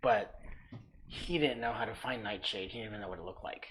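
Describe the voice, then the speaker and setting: Lively woman recapping a tabletop game. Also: rumbling low, a little fast, poor audio. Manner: lively, animated storytelling with quoted voices. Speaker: game master. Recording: live stream with faint background noise.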